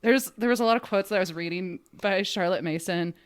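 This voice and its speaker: A woman's voice: medium pitch, brisk, clean tone. A woman hosting a casual podcast, telling a history story in a chatty way and acting out quotes. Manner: chatty, animated, acts out quotes.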